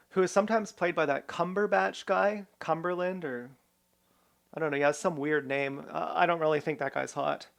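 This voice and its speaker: A man's voice: fairly high pitch, vocal fry, a bit bright. A man talking straight to camera in a rambling, irreverent personal monologue, swearing freely and jumping between grievances. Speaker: vlogger.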